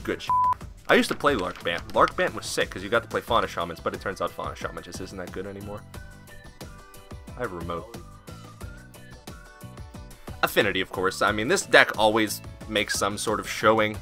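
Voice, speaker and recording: A man's voice: on the low side, expressive, moderate pace, pauses often, music in the background. A man hosting casual commentary on a card game, joking, swearing and breaking into goofy asides. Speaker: host.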